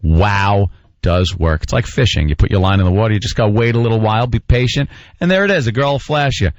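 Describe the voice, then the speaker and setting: A man hosting a radio talk show, joking with guests and running quick promo patter. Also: on the low side, no echo, lo-fi sound. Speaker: radio host. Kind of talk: casual radio chat.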